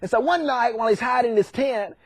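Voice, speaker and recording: A man telling a profane, irreverent comic retelling of old stories, switching quickly into characters' voices. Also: very high-pitched, dry recording. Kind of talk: comic storytelling monologue.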